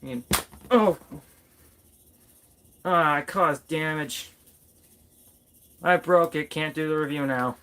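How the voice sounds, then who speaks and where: A man's voice: a little high, slow pace, long pauses, pushed and bright, slight background noise. A man doing a casual toy review vlog, playfully chatting to his figures as if they were people.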